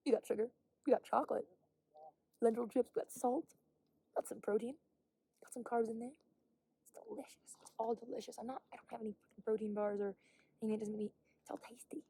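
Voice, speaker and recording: A woman's voice: fairly high pitch, creaky, dark tone, no room sound. A young woman vlogging outdoors on a hike, rambling candidly, swearing often and sometimes dropping to a whisper. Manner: drops to a whisper at times. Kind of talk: casual vlog monologue. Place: outdoors on a hiking trail.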